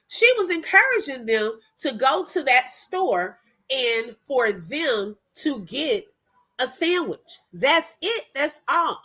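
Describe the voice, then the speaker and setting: A woman's voice: high-pitched, very animated, slow, bright, forceful tone, husky, low-quality recording. A woman hosting a reaction channel, chatting casually and often checking in with "okay?". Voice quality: chatty, drops in frequent "okay?" check-ins. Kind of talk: casual commentary.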